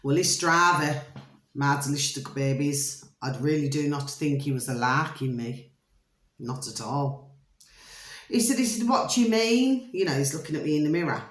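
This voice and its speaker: A woman's voice: deep voice, normal speed. A British woman vlogging, telling a long rambling story to her viewers in a theatrical, repetitive way and calling them pet names. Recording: roomy echo.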